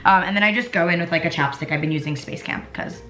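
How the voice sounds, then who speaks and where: Young woman vlogger, rapid rambling chat, lots of fillers and cursing, bright voice, roomy echo. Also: on the low side. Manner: rambling, filler-heavy, swears freely. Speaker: beauty vlogger. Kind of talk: casual chat while doing makeup.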